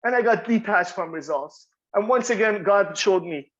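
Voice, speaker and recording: A man with a fairly high voice shares his recovery story as heartfelt testimony. He talks earnestly, circles back over his own phrases, and keeps checking in with "you know?" The recording sounds muffled and lo-fi. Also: lively intonation, moderate pace, hardly any pauses. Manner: earnest, repetitive, frequent "you know?" and "right?". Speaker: workshop speaker sharing recovery story.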